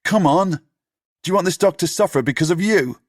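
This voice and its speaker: A man voicing an upset young boy who loves dogs and ends up shouting in rage and grief. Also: sits high, animated, fairly quick, no echo, clean studio sound, pitched above the performer's own voice. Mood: pleading, pushy. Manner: shouts and screams in fury.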